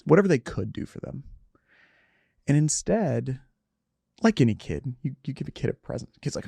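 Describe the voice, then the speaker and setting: A middle-aged man speaks candidly in a reflective interview, his voice mellow and gravelly. He halts and restarts as he works through a story. The studio sound is close and dry. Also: fairly high pitch, very animated, dry recording. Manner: earnest, candid, halting with restarts. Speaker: podcast guest.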